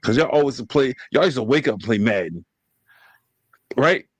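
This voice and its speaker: A man hosting a podcast, telling family stories in a casual, animated and profane way. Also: medium pitch, normal speed, breathy edge, no echo, low-quality recording. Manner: animated storytelling, slangy and profane. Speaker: podcast host.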